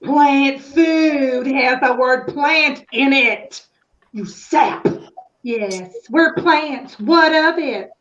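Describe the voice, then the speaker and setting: A woman voicing a pedantic, prickly female cactus in a stage play, speaking slowly and sarcastically. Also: high-pitched, highs cut off. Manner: slow, correcting, sarcastic.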